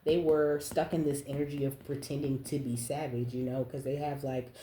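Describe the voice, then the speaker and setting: A woman's voice: very deep voice, flat delivery, normal speed, warm tone, a little hiss or hum. A woman giving a casual spiritual card reading, blunt and profane, often laughing and ending lines with "okay?". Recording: roomy echo.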